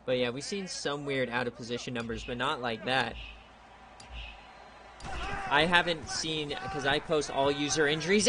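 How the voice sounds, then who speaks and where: A young man giving laid-back play-by-play commentary on a streamed video game, chatty and prone to excited outbursts. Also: mid-range voice, moderate pace, long pauses, slight background noise. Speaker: league streamer.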